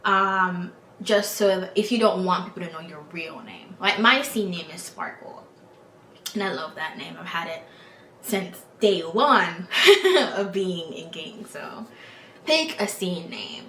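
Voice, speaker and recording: A woman's voice: fairly low pitch, unhurried, a bit bright, reverberant, slight background noise. An American woman hosting a podcast, giving frank advice in a blunt, profane, exasperated way. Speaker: podcast host.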